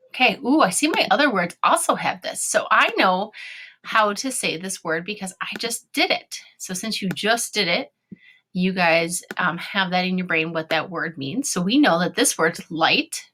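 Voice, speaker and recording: A woman teacher giving an online phonics lesson to young children, sounding out words slowly and cheering them on. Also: mid-range voice, bright, forceful tone.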